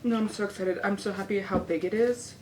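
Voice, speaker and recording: A young woman in her twenties chatting excitedly to her viewers at home for a casual reading vlog. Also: medium pitch, a little fast, slight background noise. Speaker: book vlogger.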